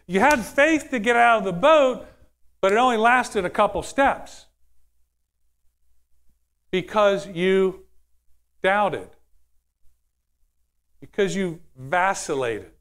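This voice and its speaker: A male preacher delivers a conversational sermon, often turning to ask the audience questions. His voice sits high for a man, and he shifts between quick asides and slow, weighty points. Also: lively intonation, fairly bright tone.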